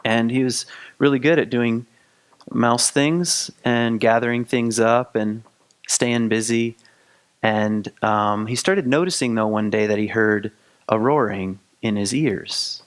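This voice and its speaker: A man's voice: mid-range voice, fairly even intonation, slow pace, clear, resonant tone. A man hosting a spiritual podcast, retelling a folktale in a casual, rambling way full of fillers and restarts. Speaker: podcast host. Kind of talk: spoken storytelling of a folktale.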